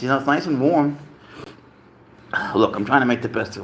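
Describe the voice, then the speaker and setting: A man's voice: mid-range voice, fast talker, long pauses, a bit bright, a little hiss or hum. A man and teacher chatting on a live stream at home, talking baby talk to his pet, swearing and rambling between asides. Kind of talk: casual live stream chat.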